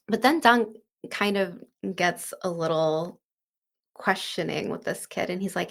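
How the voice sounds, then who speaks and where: A woman's voice: on the low side, normal speed, gravelly. A woman hosting a casual book breakdown, chatty and full of fillers like "like" and "kind of". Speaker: book discussion host.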